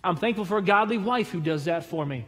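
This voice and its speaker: A man's voice: high-pitched, expressive, fast talker. A man preaching a sermon as pastor, emphatic, with punchy repeated phrases that rise. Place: church sanctuary. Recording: long church reverb.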